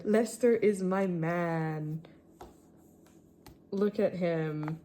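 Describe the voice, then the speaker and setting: A woman's voice: on the low side, fairly even intonation, very slow, long pauses, dark tone, slight background noise. A teenage girl from Australia talking casually about her sketchbook, full of "like" and "um", self-deprecating, with squeals of delight over her favourite characters. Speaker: artist showing her sketchbook. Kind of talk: casual chat.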